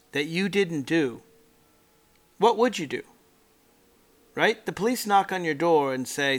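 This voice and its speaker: A man hosting a political commentary show, making his points emphatically and mimicking people mockingly. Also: fairly high pitch. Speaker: political talk show host.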